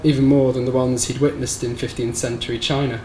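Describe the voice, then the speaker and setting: A man reading his own short story aloud at a live bookshop event, in a measured, somber storytelling manner. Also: mid-range voice, flat delivery, darkish tone. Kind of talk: live reading of literary fiction. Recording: roomy live recording with faint background noise.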